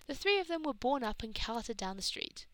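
A woman reading fan fiction aloud, lively and expressive. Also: on the high side, normal speed, a little hiss or hum, poor audio. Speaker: reader.

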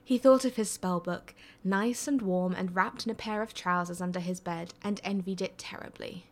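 A woman reading a story aloud in a steady, expressive way. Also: on the low side, moderate pace. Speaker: story reader. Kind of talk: reading fan fiction aloud.

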